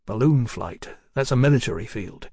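A man's voice: mid-range voice, lively intonation, moderate pace, a little mellow, slightly rough, no echo. A man voicing a dry, skeptical male scientist in an audiobook, with a wry manner.

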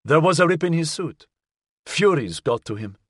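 A man's voice: a little high, expressive, normal speed, a bit bright, slightly rough, no room sound, clean studio sound, voice pushed up. A man reading an audiobook, voicing a slick, condescending male official who coolly needles the woman he questions. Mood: cold.

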